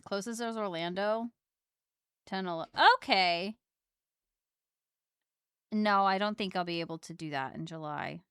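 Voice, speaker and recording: Bright, animated woman streamer chatting. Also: lowish voice, smooth, no echo, studio quality. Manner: chatty, reacts loudly to chat with squeals and laughs. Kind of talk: casual chat while drawing.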